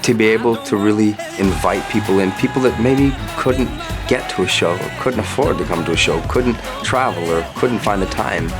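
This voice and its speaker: Low-voiced, playful male singer. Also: over music. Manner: chatty and playful, with quick restarts. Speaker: singer guest. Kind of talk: casual interview chat.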